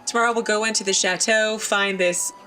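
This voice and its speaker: A woman's voice: mid-range voice, fairly even intonation, brisk, bright, forceful tone. A woman hosting a let's play, giving casual, chatty and playful commentary on her gameplay.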